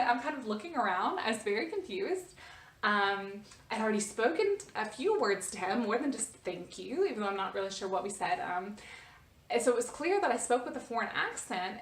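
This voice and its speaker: A woman vlogger telling a personal story in a casual, animated way, often restarting her sentences. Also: medium pitch, echoey room, distant mic. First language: English. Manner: animated, restarts often, rises when reliving the scene.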